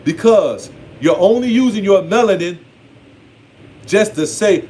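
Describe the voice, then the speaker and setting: A man's voice: sits high, lively intonation, normal speed, darkish tone. A man giving a casual, blunt, playfully scolding monologue on spirituality. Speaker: spiritual speaker.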